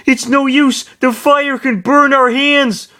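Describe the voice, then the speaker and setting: A man reading aloud and voicing a panicked young male swordsman, yelling in a strained, shrill voice. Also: wildly swooping pitch, slow, full character voice.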